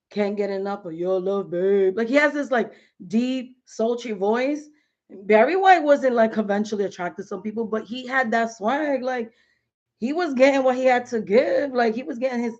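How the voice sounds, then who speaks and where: Streaming live from home, a woman in her thirties chats in a casual, animated way, her slangy speech packed with "like" and "you know." Her voice is slightly high. The stream's sound is dull and lo-fi.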